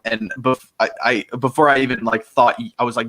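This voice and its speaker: A man's voice: medium pitch, brisk, hardly any pauses, bright, forceful tone, faint music behind. A man, a voice actor, chatting casually in an interview, rambling with many fillers and restarts and laughing often. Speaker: voice actor guest.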